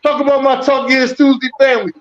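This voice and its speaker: High-voiced guy ranting about football on a podcast, swears a lot, kinda muffled lo-fi audio. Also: little pitch movement, fast, slight background noise. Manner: loud, profane, teasing, repeats himself. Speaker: podcast co-host. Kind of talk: heated casual sports debate. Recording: dull lo-fi audio.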